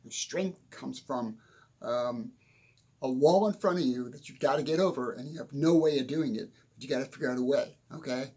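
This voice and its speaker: Gravelly older man giving a rambling pep talk. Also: mid-range voice, moderate pace, darkish tone. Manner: rambling, chuckling, self-deprecating asides. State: sweating in a hot room. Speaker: motivational speaker. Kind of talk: casual motivational monologue. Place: small home room, windows shut.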